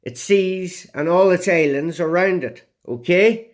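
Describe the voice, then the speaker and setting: A man's voice: sits high, fairly bright tone. A man explaining documents to his viewers, stopping often to check with "okay?" and "yeah?". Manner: punctuates points with repeated "okay?" and "yeah?"; emphatic, drawn-out delivery.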